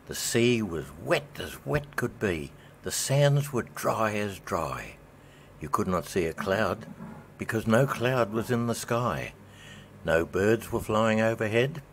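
A man narrating a poem in a measured, rhythmic storybook reading. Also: on the low side, vocal fry, a little hiss or hum.

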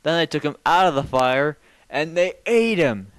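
A man's voice: fairly high pitch, animated, normal speed, smooth, no echo, voice pushed up, natural voice, poor audio. A man doing a gossipy saber-toothed tiger. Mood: gossiping. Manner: chatty, conspiratorial storyteller. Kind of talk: comic stand-up routine.

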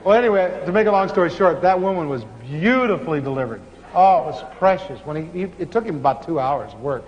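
A man preaching, telling stories with animated laughter. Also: a little high, quick pace. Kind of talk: sermon storytelling. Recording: muffled hall recording with faint hiss.

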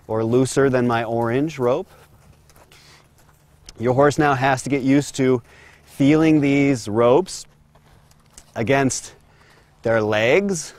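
Out in a round corral, a horse trainer works a horse and talks through a calm, steady instructional demonstration. He speaks in a mid-range voice.

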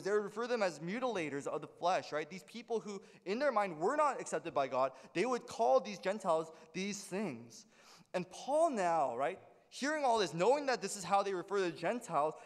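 High, lively male pastor in a hall. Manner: earnest, repeats with frequent "right?" checks. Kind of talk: sermon. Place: church sanctuary.

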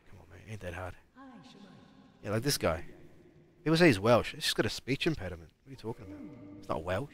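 A man's voice: on the low side, lively intonation, fairly quick, long pauses, fairly bright tone, a little hiss or hum. A man giving rambling live commentary while playing a game, mumbling and talking back at the enemies on screen. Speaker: streamer.

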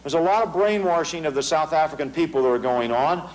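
Middle-aged American man, fairly high voice, emphatic stage lecturer with sarcastic, repetitive punch. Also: animated, quick pace, rough recording. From United States. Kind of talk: political lecture to a large audience. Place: large hall before an audience.

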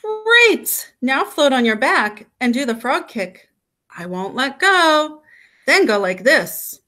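A patient, encouraging mother frog, voiced by a woman reading aloud. She coaxes slowly in a high, lively, sing-song voice. Storybook style. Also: exaggerated voice. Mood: coaxing. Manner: coaxing, patient.

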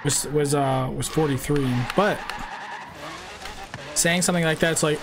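A man's voice: a little high, steady tone, unhurried, long pauses. Brash young man streaming a racing game. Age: 20s. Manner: brash, swears, trades jabs with chat trolls. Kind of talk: casual live-stream chat. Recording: loud car game sounds behind. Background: racing game engine noise.

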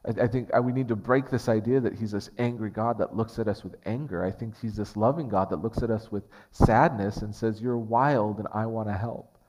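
A lower-voiced man delivers a sermon in a church, his words ringing out with a long hall reverb. He preaches earnestly in a conversational way and often stops to restart a phrase. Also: brisk, hardly any pauses, darkish tone. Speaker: pastor. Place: church sanctuary.

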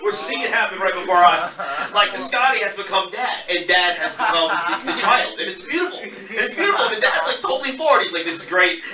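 Animated male comic in a noisy club. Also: high voice, brisk, few pauses. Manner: animated, riffing on the crowd. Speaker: stand-up comedian. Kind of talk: stand-up comedy set. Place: small comedy club open mic. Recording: roomy club, far mic, loud crowd. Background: crowd laughter and noise.

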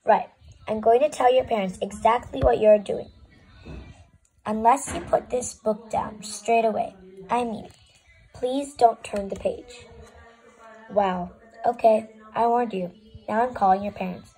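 A woman giving an expressive, dramatic reading of a children's book, swinging between pleading and exasperation. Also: a little high, unhurried, long pauses, poor audio. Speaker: storybook reader.

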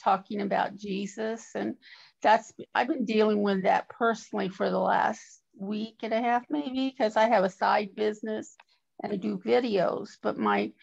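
A woman sharing in a Bible study group, earnest and encouraging, pausing often with fillers. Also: medium pitch, fairly even intonation, creaky, darkish tone, husky, highs cut off.

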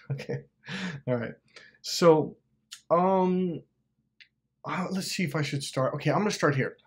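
A man's voice: a little high, takes it slowly, pauses often, slightly rough. A man hosting a self-help video, telling a personal story in a casual, rambling way with swearing and lots of fillers. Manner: animated, profane, rambling with many fillers.

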